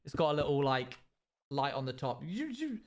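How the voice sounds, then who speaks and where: A man's voice: mid-range voice, level tone, a little fast. A young man streaming a game and telling a rambling story with sound-effect noises. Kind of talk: casual storytelling while gaming.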